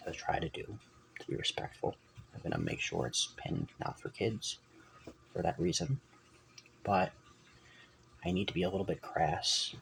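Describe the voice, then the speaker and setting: A man's voice: deep voice, vocal fry, a little hiss or hum, poor audio. A man talking on his own channel in a meandering, self-correcting way, sometimes dropping almost to a whisper. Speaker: channel host. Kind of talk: rambling personal vlog talk.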